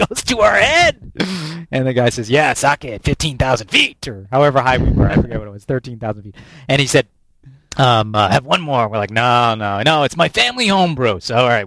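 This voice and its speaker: An American professional speaker tells a lively story as an interview guest, often repeating words as he restarts. His voice is medium-pitched and the recording is dry.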